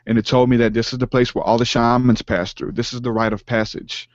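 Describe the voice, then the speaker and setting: A man telling a personal spiritual story in an interview, earnest and halting, with many fillers and restarts. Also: mid-range voice, little pitch movement, no echo, dull audio. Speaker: podcast guest, rapper.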